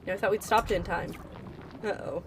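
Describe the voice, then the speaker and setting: A woman's voice: mid-range voice, steady tone, moderate pace, noisy background. A woman chatting casually and giggling while streaming a video game. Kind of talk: casual live-stream gameplay chat.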